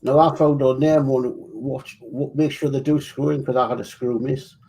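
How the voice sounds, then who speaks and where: A man's voice: mid-range voice, normal speed, creaky. A man chatting casually while building a model kit, explaining each step as he goes. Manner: relaxed, explains assembly steps as he works.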